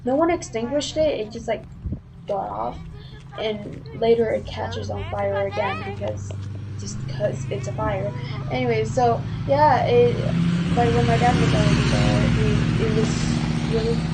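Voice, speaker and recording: A woman's voice: fairly high pitch, noisy background. A woman casually telling a story on a live stream, rambling with lots of "like" and restarts.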